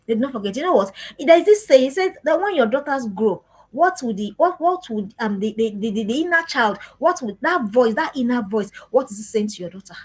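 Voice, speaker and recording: Parenting speaker, woman, 30s, high breathy voice, repetitive sermon-like emphasis. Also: expressive, fairly quick, darkish tone, low-quality recording. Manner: earnest, repetitive preaching cadence. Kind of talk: live-streamed parenting talk.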